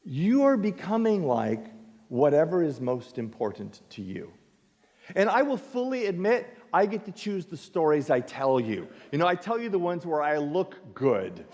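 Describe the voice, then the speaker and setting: A male pastor preaching a sermon, telling a story with lively acted-out dialogue. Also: a little high, moderate pace. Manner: animated storytelling, acts out dialogue. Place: church sanctuary. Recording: reverberant church sanctuary.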